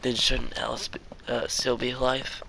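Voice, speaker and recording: A man voicing Henry, a curious and polite man who asks questions in a low, whispery way, as he reads a fan story aloud. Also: monotone, moderate pace, vocal fry, noisy background. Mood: urgent.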